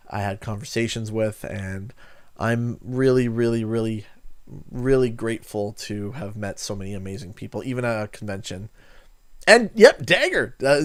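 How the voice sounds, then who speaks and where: Rambling Canadian guy chatting on stream. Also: medium pitch. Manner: rambling, friendly storyteller who acts out quotes. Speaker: gaming streamer. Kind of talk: casual livestream chat.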